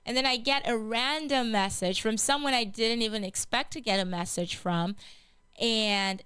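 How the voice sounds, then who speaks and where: A woman's voice: a little high, moderate pace, fairly bright tone, clean tone, no echo. A woman hosting a gospel radio show, sharing a personal testimony in an earnest, heartfelt way with many repetitions and restarts. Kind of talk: personal testimony, casual spoken.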